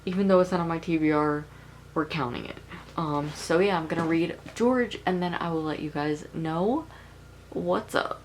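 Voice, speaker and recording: A woman's voice: low voice, normal speed, slight background noise, rough recording. A young woman talking casually in a reading vlog, rambling and chatty with plenty of filler words. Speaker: book vlogger.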